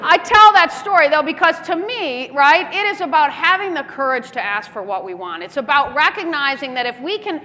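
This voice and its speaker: A woman giving a keynote speech at a business luncheon, telling lively anecdotes and acting out the dialogue. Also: high-pitched, normal speed, hardly any pauses. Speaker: keynote speaker. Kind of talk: keynote storytelling. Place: large luncheon hall. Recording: echoey hall, faint room noise.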